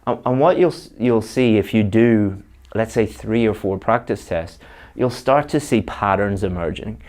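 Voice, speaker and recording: A man's voice: fairly low pitch, moderate pace, a little mellow. A man giving a spoken English exam lesson, conversational, with fillers and repeated words.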